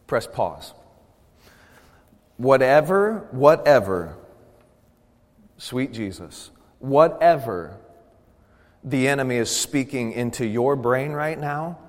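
A man preaching a sermon from a devotional reading, moving from calm reading to loud, emphatic preaching with drawn-out emphasis on key words. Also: medium pitch, in a large hall. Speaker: pastor.

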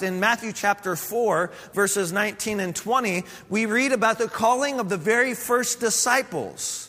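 A man preaching a sermon as pastor, earnest and measured, building his points with repeated phrases. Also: high voice, pushed and bright, in a large hall.

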